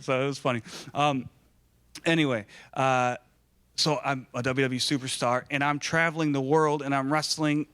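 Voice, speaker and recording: A man in his thirties from Michigan, a guest speaker telling stories to a live audience in an animated, joking way. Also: mid-range voice. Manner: animated and joking, acting out dialogue. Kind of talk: storytelling talk to a live audience.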